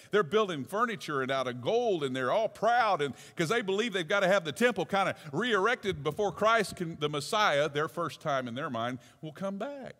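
Animated male pastor in echoing church. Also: on the high side. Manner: animated preaching, swinging from soft asides to shouted exclamations. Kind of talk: sermon. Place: church sanctuary. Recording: long church reverb.

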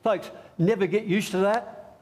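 High-voiced man preaching with humor. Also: a little slow. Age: middle-aged. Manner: animated, joking, talks with the congregation. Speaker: pastor. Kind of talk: Easter sermon. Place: church.

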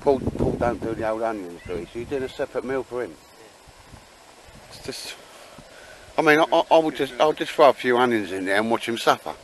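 A man's voice: medium pitch, animated, fairly quick, long pauses, a little hiss or hum, poor audio. A man bantering and joking with friends outdoors at a campsite. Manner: joking, teasing, chatty with lots of "mate" and "sir". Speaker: vlogger. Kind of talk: casual banter.

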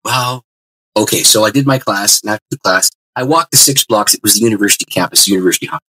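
A man's voice: lowish voice, very fast, slightly rough, low-quality recording. A man guest on an interview show, telling a personal story and acting out the dialogue. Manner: lively, expressive storyteller who acts out dialogue. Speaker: guest pastor.

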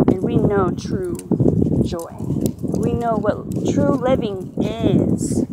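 A woman giving a personal faith testimony in an earnest, halting way, often pausing with "you know". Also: on the high side, heavy background noise. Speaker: testimony speaker.

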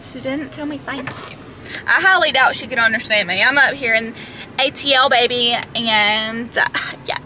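Sitting in her parked car in a drive-thru line, a young vlogger talks casually to a handheld camera held close. She speaks at normal speed in a highish voice, chatty and self-deprecating with many fillers, over a noisy background.

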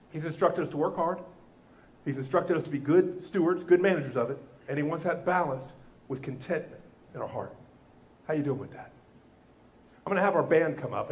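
Animated pastor preaching a sermon. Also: male voice, fairly high pitch. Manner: animated storytelling, softening into prayer. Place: church sanctuary.

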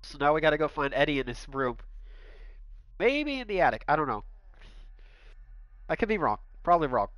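A man hosting a let's-play with a stuffy nose, energetic and jokey in his commentary. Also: on the high side, fairly quick, long pauses, no echo. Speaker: gaming host.

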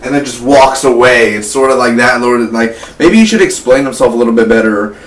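An eighteen-year-old man giving a casual, rambling spoiler review of a film. He gets excited and keeps tossing in "man" and "like". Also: medium pitch, a little fast. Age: late teens. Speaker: movie reviewer. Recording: echoey room, mic at a distance, faint hum.

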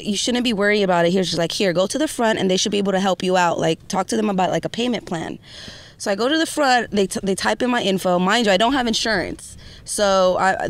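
A young woman from Orange County telling her story as an interview guest, animated and quoting others. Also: mid-range voice. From Orange County, California.

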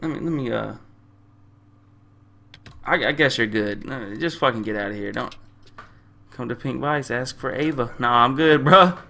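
A young man playing a game and commentating, loud and crude, trash-talking the characters in slang and often repeating himself. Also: mid-range voice, moderate pace, gravelly, long pauses. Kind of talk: profane casual gameplay commentary.

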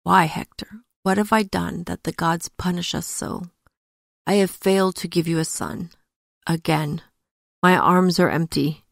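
A woman voicing a grieving young princess who pleads in despair through tears, in a low, gravelly voice. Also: unhurried, no room sound, studio quality. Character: grieving young princess, broken-hearted wife.

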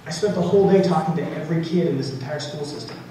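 A man's voice: on the high side, racing. A young man giving a storytelling motivational speech to students at a school assembly, full of casual "like" fillers. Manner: animated storytelling, frequent "like" fillers. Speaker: motivational speaker. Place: large school gym or auditorium. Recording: very echoey hall, distant, noisy.

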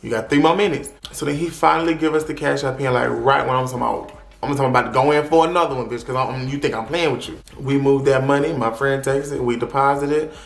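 A young man telling a dramatic storytime vlog in a profane, animated way. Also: mid-range voice, fast, creaky. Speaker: vlogger. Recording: roomy echo.

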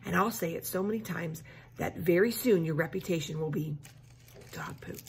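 A woman voicing a stern, scheming babysitter who speaks in a cool, low, threatening way. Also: moderate pace, darkish tone, a little hiss or hum, natural voice.

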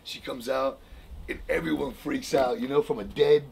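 Casual male storyteller, slangy, animated, average pitch. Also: moderate pace, gravelly, husky, rough recording. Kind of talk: casual chat.

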